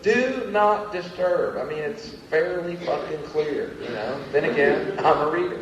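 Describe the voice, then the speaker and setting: Tired, sardonic stand-up comedian. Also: male voice, fairly high pitch, animated, unhurried, far from the mic, a crowd in the background. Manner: sardonic, exasperated rants with sudden shouted bursts. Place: comedy venue stage. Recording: lo-fi audience bootleg, echoey venue. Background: audience and room ambience.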